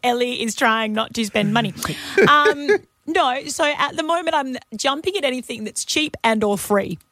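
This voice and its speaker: Chatty Australian female co-host, laughs easily, bright higher voice, dry mic. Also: normal speed, no echo. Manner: giggly, chatty. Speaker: radio co-host. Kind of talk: casual radio banter.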